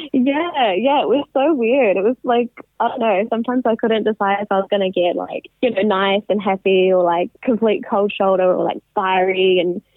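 A young woman talks in a loose, chatty way, laughing now and then and slipping into what others said. Her voice comes through a thin, phone-like line with a dry sound. Her pitch sits in the middle for a woman. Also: moderate pace, dry recording. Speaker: interview guest. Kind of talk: casual storytelling interview. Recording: tinny phone-line audio.

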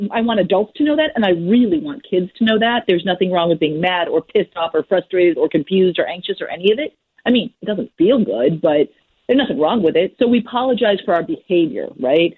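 A woman's voice: medium pitch, slightly rough, no room sound. Frank woman over a thin phone line. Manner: frank, plainspoken, mild swearing. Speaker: parenting expert guest. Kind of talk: casual advice talk.

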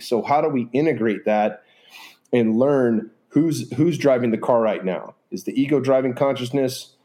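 Earnest rambling man, mellow voice. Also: mid-range voice, normal speed. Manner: earnest, rambling, with many fillers. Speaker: podcast guest. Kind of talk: casual reflective conversation.

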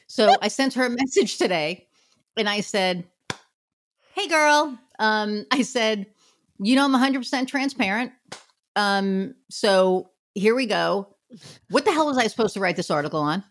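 A woman chatting in a relaxed, candid way, with a middle-pitched voice. She swears freely and slips into quoting what she and others said. She runs a marketing business. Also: moderate pace. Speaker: podcast guest, marketing business owner. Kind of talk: casual chat.

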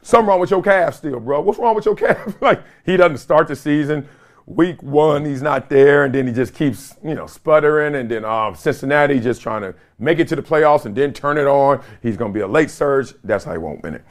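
A man's voice: fairly high pitch, brisk. A middle-aged man hosting a sports podcast, talking in a loose, slangy way and laughing often. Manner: animated, slangy, laughs often, mimics others in quotes. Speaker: podcast host. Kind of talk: casual sports commentary.

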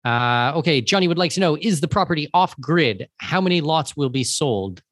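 A man's voice: fairly high pitch, lively intonation, normal speed, a bit bright, no room sound, studio quality. A man from Canada hosting a webinar, reading out audience questions in an upbeat way. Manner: upbeat, reads questions aloud. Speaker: host.

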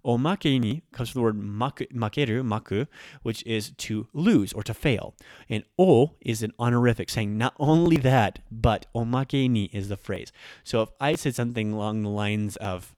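A man's voice: medium pitch, normal speed, a little mellow, no echo, clean studio sound. A man hosting a podcast lesson, explaining grammar in a friendly, casual way with occasional ums and self-corrections. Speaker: Japanese language teacher and podcast host.

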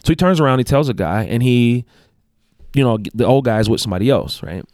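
A man's voice: mid-range voice, lively intonation, fast talker, a little mellow, dry recording, studio quality. A man who coaches basketball, telling a story in casual chat, rambling with restarts and self-corrections. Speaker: guest, basketball coach and athletic director.

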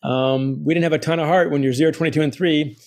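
A middle-aged man, an author speaking as a guest, telling stories in an animated way and laughing often. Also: fairly high pitch, quick pace. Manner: energetic, quotes others in put-on voices, laughs often. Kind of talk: animated storytelling interview.

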